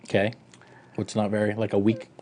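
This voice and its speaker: A man's voice: fairly low pitch, monotone, fairly quick, a little mellow. A man hosting a podcast, easygoing and prompting his guest with short questions. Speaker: podcast host. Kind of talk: casual interview questions.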